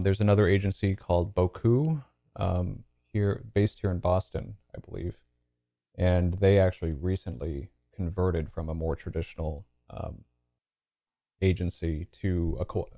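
Low gravelly-voiced man, thoughtful guest. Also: warm tone, no room sound, highs cut off. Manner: thoughtful, hedging with fillers. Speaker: podcast guest, author. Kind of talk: casual interview talk.

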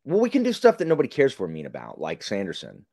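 A man chatting as a podcast guest, playful and quick to laugh. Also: fairly low pitch, creaky, no room sound. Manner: playful, giggly, animated. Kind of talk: casual chat.

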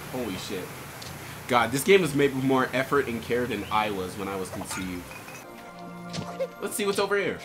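A young man giving profane, sarcastic gameplay commentary, swinging from muttered gripes into shouting and laughter. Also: medium pitch. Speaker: gaming commentator.

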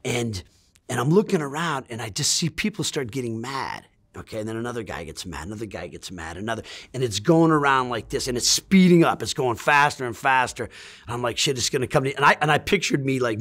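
A middle-aged man in an interview, telling a rambling, profane story in a casual, animated way. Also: medium pitch, a little fast. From Great Lakes region of the US.

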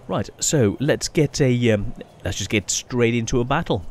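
A man's voice: medium pitch, darkish tone, slight background noise. Chatty man commenting on gameplay. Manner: chatty, halting, many restarts and fillers. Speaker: gaming channel host.

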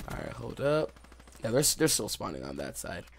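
Excitable young man, gravelly low voice. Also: normal speed. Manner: excitable, reacts aloud to the game. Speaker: gaming YouTuber. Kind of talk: live gameplay commentary. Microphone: desktop USB mic.

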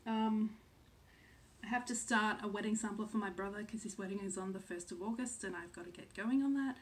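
An Australian cross-stitch vlogger, a woman in her thirties, talks a little fast in a mid-range voice with fairly even intonation. Her casual chat to the camera is packed with "um"s as she second-guesses herself.

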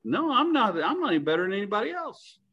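A man preaching a sermon in a church, talking in a conversational way and slowing down to stress key phrases. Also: very high voice, sing-song, husky, lo-fi sound.

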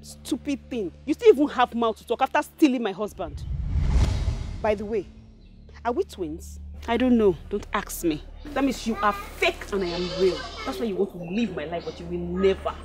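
An actress with a Nigerian accent playing a sharp-tongued, scheming young wife in a film, taunting and scornful. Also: female voice, medium pitch, lively intonation, normal speed, lightly acted. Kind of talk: Nollywood film acting.

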